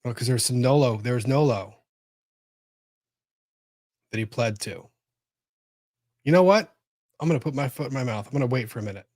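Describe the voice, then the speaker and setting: A man's voice: mid-range voice, moderate pace, long pauses, darkish tone, no room sound, studio quality. Cursing man reacting on a livestream. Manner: exclaims, swears, thinks aloud. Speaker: legal commentator host. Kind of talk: live reaction commentary.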